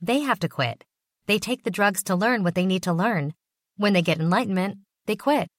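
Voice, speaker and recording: A woman reading the part of a stubborn young boy courier who gives flat, simple replies in a raised voice. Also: medium pitch, normal speed, dry recording, studio quality, pitched above the performer's own voice, lightly acted. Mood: plain.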